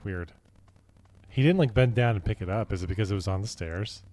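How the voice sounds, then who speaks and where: A man's voice: lowish voice, brisk, darkish tone. A young man streaming a horror game, chatting casually and rambling with many fillers and restarts. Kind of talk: casual gaming commentary.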